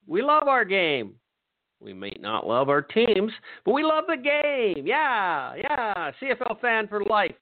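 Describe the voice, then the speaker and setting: An older man with a high voice rants with profane, exasperated frustration as a podcast host. His voice comes through dry and tinny, like a phone call. He swears freely and sounds fed up. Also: no echo. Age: 60s. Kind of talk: angry sports rant.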